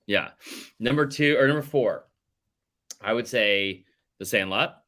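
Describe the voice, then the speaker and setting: A man's voice: mid-range voice, a little slow, sharp tone. A man hosting a casual sports podcast, ranting animatedly and swearing freely. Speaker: podcast host.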